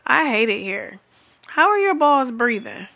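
A woman's voice: a little high, big pitch swings, a little slow, creaky, bright, forceful tone. A woman ranting bluntly and profanely in an unscripted comedic monologue, sounding exasperated and often laughing. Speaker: vlogger.

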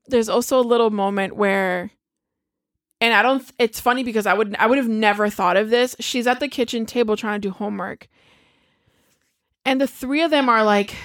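A woman in casual chat, retelling a movie in a lively way, swearing freely and acting out the characters' lines. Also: fairly high pitch. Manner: animated storyteller, swears freely, acts out quotes.

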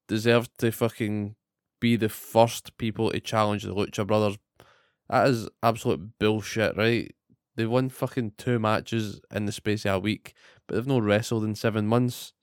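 A man in a sweary, animated rant, recapping wrestling as a podcast co-host. His voice sits low, smooth and resonant. The sound is dry and close, with no room. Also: moderate pace, dry recording.

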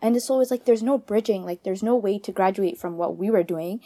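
A woman in a casual podcast chat, chatty with quick reactions. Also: mid-range voice, dark tone, no echo. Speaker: podcast host.

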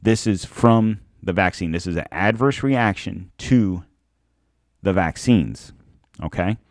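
A man's voice: sits low, slow, dry recording, clean studio sound. A man hosting a podcast, talking in a casual, sarcastic and emphatic way, often laughing at his own points. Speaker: podcast host. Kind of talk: casual monologue.

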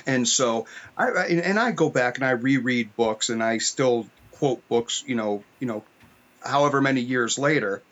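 A man's voice: medium pitch, normal speed, a bit bright. A man from upstate New York, an author guest telling stories in a rambling, filler-heavy podcast chat. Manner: rambling storyteller with many fillers. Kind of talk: casual podcast conversation. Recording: muffled lo-fi audio.

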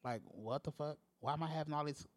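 A man's voice: brisk, no echo. A man hosting a podcast, venting in a casual, profane solo rant with big swings in tone. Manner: profane, exasperated venting with lively pitch swings. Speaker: podcast host.

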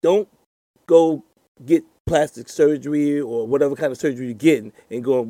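A man's voice: mid-range voice, moderate pace, no echo. A man in his fifties on a comedy panel, arguing emphatically, cutting in and acting out what others say. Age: 50s. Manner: animated, emphatic, interrupts to argue; acts out quoted voices. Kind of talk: casual panel chat.

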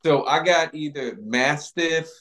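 A man's voice: a little high, slow, a bit bright. A man from Baltimore, a podcast guest, talking casually about a horror film with slang and stammered restarts.

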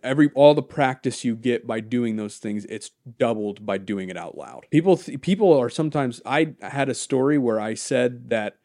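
A man co-hosting a casual podcast, rambling through stories with animated bursts and some swearing. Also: medium pitch, normal speed, few pauses, dry recording, studio quality. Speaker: podcast co-host.

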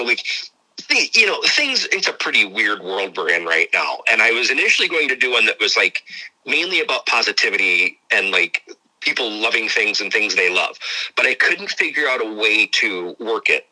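A man from Ohio with a Midwestern American accent guests on a podcast, rambling casually and laughing often in an easygoing interview. His lowish voice sounds pushed and bright, and the audio quality is poor.

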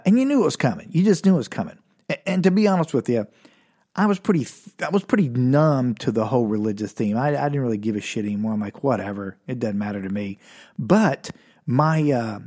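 A man from Oklahoma, a podcast host telling a comic story with wry asides, loud punchlines and low muttered remarks. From Oklahoma, USA.

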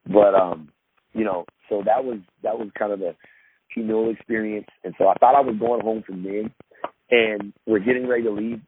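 A man's voice: lowish voice, steady tone, normal speed. A man casually telling a long story, rambling with many fillers and restarts and acting out what people said. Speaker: podcast guest, former pro basketball player. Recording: tinny phone-like line with faint noise.

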